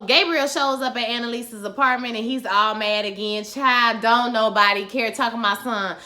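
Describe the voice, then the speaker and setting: A woman recapping a TV episode in casual vlog chat, sassy and animated, acting out the characters' lines as she goes. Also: on the high side, normal speed.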